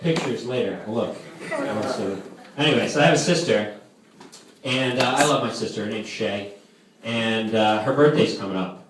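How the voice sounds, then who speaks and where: A man's voice: mid-range voice, sing-song, moderate pace. Rambling young man doing live stand-up. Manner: rambling, loaded with "like" fillers. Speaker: camp counselor doing stand-up. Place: camp hall with live audience. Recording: echoey distant room with noise.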